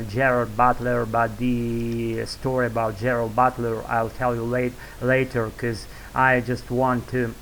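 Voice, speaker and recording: Russian-accented man, flat rambling talk. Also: medium pitch, a little hiss or hum, rough recording. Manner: wordy, loose, filler-heavy, restarts often. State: sore throat. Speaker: YouTube English-learning vlogger. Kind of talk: rambling monologue to camera.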